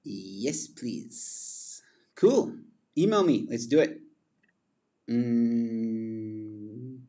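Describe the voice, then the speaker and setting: A man's voice: medium pitch, drawn-out words, pauses often, warm tone. A man hosting a casual livestream chat, rambling from topic to topic and laughing often at his own jokes. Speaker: livestream host.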